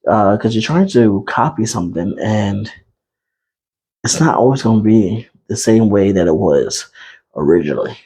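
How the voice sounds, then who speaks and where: A young man hosting an unscripted podcast, talking in a laid-back, chatty way with lots of pauses and fillers. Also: on the low side, lively intonation, mellow, husky. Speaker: podcast host. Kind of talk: unscripted casual talk.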